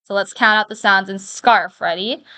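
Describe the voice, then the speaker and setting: A woman's voice: mid-range voice, moderate pace, pushed and bright, no room sound. Woman teacher doing a phonics lesson, patient, sounds out letters one by one, dry close sound.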